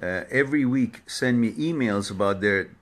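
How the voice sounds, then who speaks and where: A man hosting a live online Q&A talk, greeting viewers one by one by name and stumbling over names in a casual, unhurried way. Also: fairly low pitch, animated. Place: home setup for a social media live stream.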